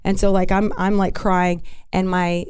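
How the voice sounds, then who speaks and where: A woman's voice: fairly low pitch, flat delivery, measured pace, darkish tone, clean tone. A young woman, a podcast guest, telling a personal story in casual talk, rambling with many fillers and restarts.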